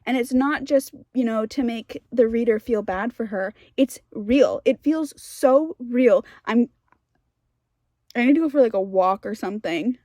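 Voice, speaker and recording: A young woman talks through her reading in a casual vlog, her slightly high voice dropping to hushed asides and then rising into exasperated rants. She sounds tired from a night without sleep. The sound is dry and close, with no room echo. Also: measured pace. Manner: emotional, ranting, swings from hushed to exasperated. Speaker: book vlogger.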